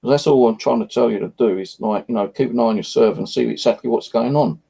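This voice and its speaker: Frustrated man, gravelly and dark-toned, casual home vlog rant with lots of swearing. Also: medium pitch, quick pace, rough recording. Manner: rambling, frustrated, swears often. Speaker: vlogger. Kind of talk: casual evening chat to camera. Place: at home, indoors.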